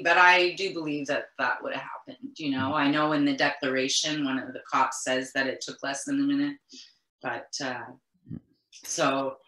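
Her voice is bass-deep, pushed and bright: a middle-aged Quebec woman, mother of the deceased, being interviewed in an echoey space. She recounts events emotionally, earnestly and insistently, frequently circling back and restarting sentences.

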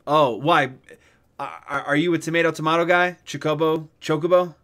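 A man streaming a game, giving casual let's-play commentary in an excitable, joking, rambling way. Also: fairly high pitch, brisk.

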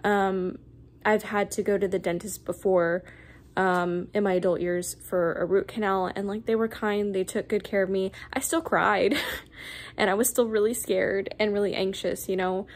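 A woman's voice: medium pitch, steady tone, normal speed. A young woman vlogger telling a personal story in a casual, rambling way, with many fillers and restarts.

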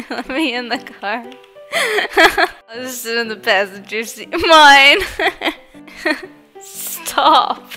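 A woman's voice: on the high side, big pitch swings, slow pace, bright, forceful tone. A young woman playing a game on camera, chatting with other players, giggling often. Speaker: gaming YouTuber. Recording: game music faintly behind.

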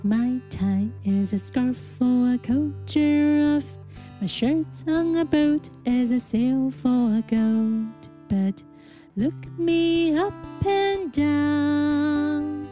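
A woman gently singing a slow children's song over soft guitar, drawing out her notes. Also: high voice. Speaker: singer. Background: soft guitar accompaniment.

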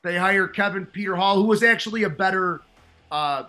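Chicago-accented male co-host, lively jokey movie talk, bright edge. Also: sits high, moderate pace, soft background music.

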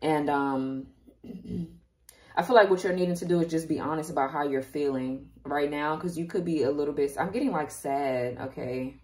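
A woman's voice: deep voice, normal speed, darkish tone. A woman giving a casual tarot reading straight to her viewers, chatty and openly emotional. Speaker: tarot reader.

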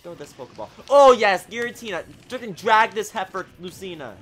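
A man giving excitable live commentary while playing a video game, talking at the screen and swinging from low mutters to sudden shouts. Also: brisk, breathy edge, faint music behind. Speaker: gaming channel host.

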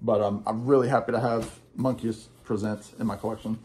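A man's voice: lowish voice, fairly even intonation, brisk, darkish tone, a little hiss or hum. Chatty man gushing over his records. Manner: rambling, enthusiastic, many fillers. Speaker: guest record collector. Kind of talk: casual chat about a record haul.

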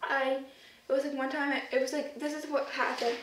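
A woman's voice: high-pitched, flat delivery, fairly quick. A woman chatting casually to her camera as a vlogger, rambling with lots of fillers. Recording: roomy echo, distant mic, faint noise.

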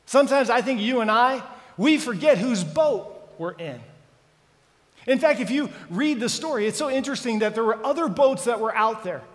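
A man's voice: very high voice, lively intonation, normal speed. A man preaching a sermon as pastor, dramatic and full of questions to the congregation. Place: church sanctuary. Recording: church hall reverb.

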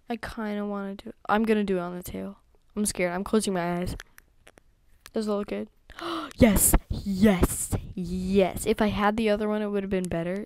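A woman's voice: medium pitch, darkish tone, clear, resonant tone. A young woman giving chatty gameplay commentary, talking to herself and to her horses with many ums and whispered asides. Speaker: gaming YouTuber.

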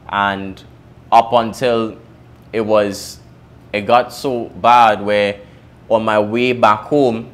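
A young man with a Trinidadian accent candidly tells his personal story to camera, swinging between lively bursts and hushed, emotional moments. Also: lowish voice. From Trinidad and Tobago. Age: young adult. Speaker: entrepreneur telling his story.

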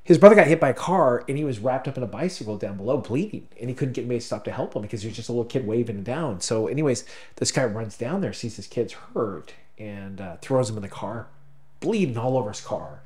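Man, podcast co-host, choked-up storyteller, halting restarts, mid-pitched voice. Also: animated, dark tone. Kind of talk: casual conversation.

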